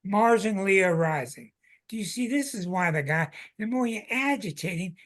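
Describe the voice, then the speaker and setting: A man hosting a live online astrology show, talking excitably and emphatically to viewers, a little out of breath. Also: sits high, normal speed.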